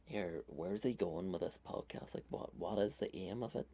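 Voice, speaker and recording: A man's voice: fairly low pitch, animated, a little fast, hardly any pauses, darkish tone. A man, rambling on his own solo comedy podcast, sweary and self-mocking. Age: 30s.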